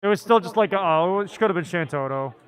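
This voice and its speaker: A man's voice: high voice, lively intonation, a little fast, low-quality recording. A man casting a card game tournament live, chatty and often laughing. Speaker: tournament commentator.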